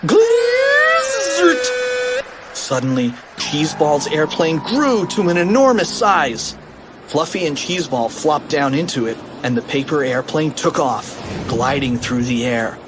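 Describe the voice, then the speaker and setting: Animated male storybook narrator. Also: a little high, a little slow, noisy background. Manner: animated, expressive read. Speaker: audiobook narrator.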